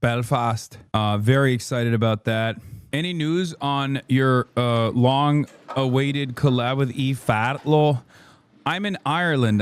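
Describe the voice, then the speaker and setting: A man's voice: mid-range voice, clear, resonant tone. A man in his thirties hosting a stream, giving casual reaction commentary as a profane, joking rant. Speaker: streamer host.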